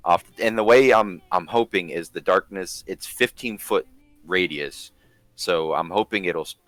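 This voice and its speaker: A man playing a tabletop game, describing his character's sneaky actions in casual table talk while thinking aloud with frequent pauses. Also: deep voice, fairly bright tone, no room sound. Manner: thinking aloud, pausing with ums and restarts.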